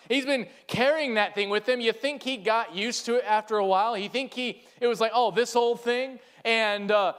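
A man preaching a sermon in an earnest way, rising to loud emphatic lines and dropping to soft low ones, often repeating words when he gets going.

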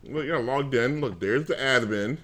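A man's voice: medium pitch, moderate pace, a bit bright. A man co-hosting a casual podcast, telling an exasperated, ranting story full of restarts. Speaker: podcast co-host.

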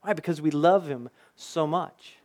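High-voiced man preaching conversationally. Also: unhurried, darkish tone. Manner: conversational preaching, anecdotes, rhetorical questions. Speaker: pastor. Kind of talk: sermon.

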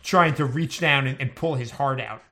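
Casting: blunt foul-mouthed male player, mid-pitched voice. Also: moderate pace, crowd noise. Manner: blunt, heavy swearing. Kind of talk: casual game talk.

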